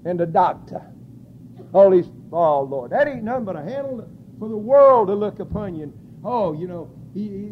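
A man preaching a sermon, crying out scripture at full force and then dropping to quiet, low asides. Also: lo-fi sound, a little hiss or hum.

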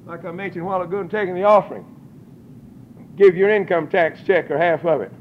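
A man preaching a fiery, folksy revival sermon, breaking into shouts and laughter and acting out voices. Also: high-pitched, fairly even intonation, fast. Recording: dull lo-fi sermon recording with faint noise.

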